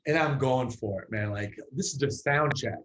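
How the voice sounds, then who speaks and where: A man's voice: mid-range voice, moderate pace, background noise. A man, a musician guest in an interview, telling a story in a loose, casual way with many fillers and restarts.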